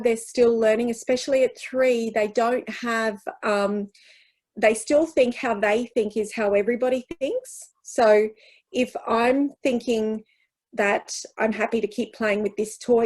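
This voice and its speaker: At a teachers' workshop Q&A, an Australian woman with a fairly high-pitched voice explains child development, acting out gentle phrases to use with kids.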